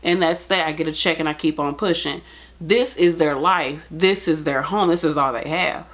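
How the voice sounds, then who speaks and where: Nurse, woman, lowish voice; earnest pleading talk to the camera. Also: normal speed, fairly bright tone. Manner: earnest, pleading, casual everyday speech. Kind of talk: heartfelt direct-to-camera talk.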